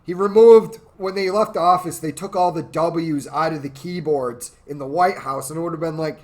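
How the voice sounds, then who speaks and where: Man, drunk, profane rant, rambling, slightly raised pitch. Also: steady tone, moderate pace, few pauses, darkish tone. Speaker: podcast host.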